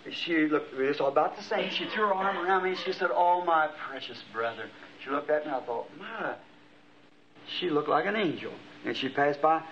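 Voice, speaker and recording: A middle-aged preacher tells a vision to his congregation in a fairly high voice, his lines climbing into impassioned exclamations. The recording is dull and lo-fi, like old archival tape. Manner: impassioned storytelling with rising exclamations. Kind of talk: sermon.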